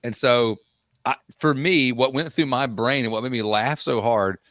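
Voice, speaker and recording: A Southern-accented man in his thirties co-hosting a casual podcast and recounting a story with animated energy, breaking into laughter as he acts out what others said. His voice sits at an ordinary pitch, and the recording is close-miked and dry. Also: normal speed, no echo. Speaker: podcast co-host. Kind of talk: casual chat.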